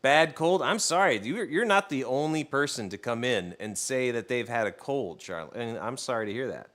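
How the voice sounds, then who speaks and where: A cooking streamer speaks at normal speed in an animated, fairly bright, medium-pitched voice. He chats casually with viewers as he cooks live, telling jokey stories and teasing his dog in a loose, playful way.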